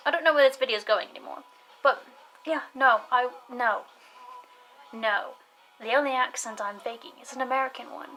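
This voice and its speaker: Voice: mid-range voice, moderate pace, pushed and bright, faint music behind, poor audio. A young adult vlogger chatting casually to camera, rambling off on tangents with frequent laughter and casual swearing.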